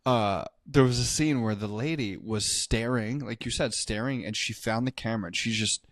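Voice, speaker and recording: A man's voice: medium pitch, moderate pace, dry recording, clean studio sound. A man co-hosting a casual horror movie podcast, swearing and joking as he retells a film's plot. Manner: crude, joking, animated storyteller. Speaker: podcast co-host. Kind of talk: casual movie review chat.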